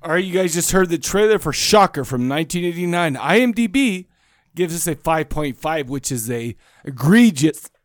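A man's voice: on the high side, lively intonation, normal speed, no echo, clean studio sound. Laughing man with hiccups. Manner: joking, laughs often, hiccuping. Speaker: podcast co-host. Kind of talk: casual chat.

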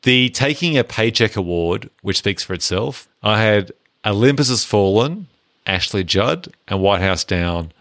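A man's voice: lowish voice, expressive, a little slow, fairly bright tone, no room sound, studio quality. A man co-hosting a casual movie podcast, laid-back and jokey as he hands out awards. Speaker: podcast co-host.

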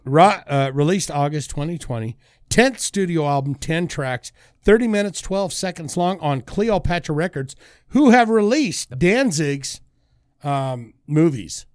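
A man chatting on a podcast, slipping into playful mock-announcer bits as he goes. His pitch sits a bit high and bounces around a lot. The recording is close and dry. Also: lively intonation, unhurried, no echo. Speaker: podcast host. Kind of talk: casual chat.

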